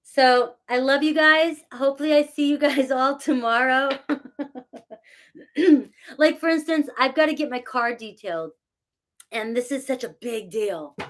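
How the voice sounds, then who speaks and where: Middle-aged woman, fairly high-pitched, chatty tarot reader thanking viewers by name. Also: unhurried, fairly bright tone, a little hiss or hum. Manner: chatty and self-mocking, reads out viewer names, laughs often. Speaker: tarot reader talking to live chat. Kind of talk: casual live-stream chat.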